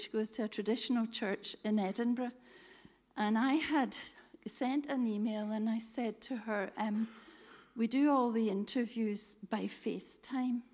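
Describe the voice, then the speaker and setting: A middle-aged woman telling a lively faith story to a church audience, acting out the dialogue. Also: medium pitch. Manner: lively, animated storytelling, quoting others in dialogue. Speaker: speaker telling a testimony.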